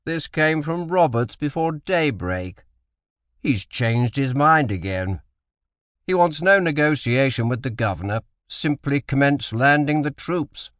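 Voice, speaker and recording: A man voicing a commanding British admiral in an audiobook, speaking with deliberate authority. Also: mid-range voice, animated, fairly bright tone, no echo, clean studio sound, pitched above the performer's own voice. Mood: briefing. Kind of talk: audiobook character voice.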